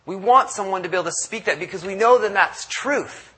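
A man's voice: sits high, fairly quick, sharp tone, husky. A man preaching a conversational sermon, acting out quotes and restarting often. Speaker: pastor.

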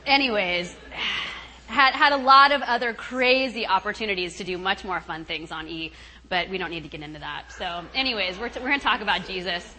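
A woman's voice: medium pitch, a little fast, bright, forceful tone, low-quality recording. A middle-aged woman giving a chatty, laughing retreat talk, acting out the voices of others as she tells a story. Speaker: guest speaker at a retreat.

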